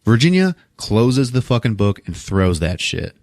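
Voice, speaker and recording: Podcast host, man, low voice, lively profane movie recap, dry close sound. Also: unhurried, creaky, no echo. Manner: animated, profane storytelling.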